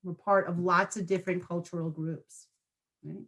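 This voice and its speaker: A woman's voice: on the low side, level tone, moderate pace, a bit bright. A woman trainer giving a training presentation to school staff in a conversational way, often checking in with her listeners through short tag questions.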